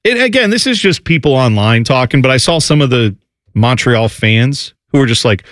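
Animated man in casual sports chat. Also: medium pitch, normal speed, no room sound. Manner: animated, mocking impressions of others. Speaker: sports talk co-host.

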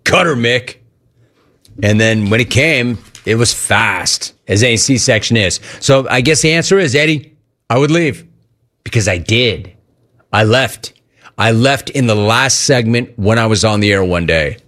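The host is a middle-aged man whose fairly low voice moves at a measured pace as he answers listener questions on a sports talk show. His casual, animated style includes acting out conversations he recalls.

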